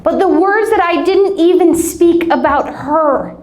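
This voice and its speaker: High-voiced woman pastor, candid and emotional. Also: measured pace, darkish tone. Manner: candid, emotional, self-deprecating. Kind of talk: sermon with personal storytelling.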